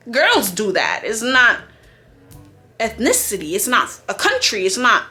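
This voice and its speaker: A woman's voice: fairly high pitch, wildly swooping pitch, unhurried, bright, forceful tone, faint music behind. A woman from Jamaica telling a story time to her vlog, chatty, candid and profane. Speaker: vlogger.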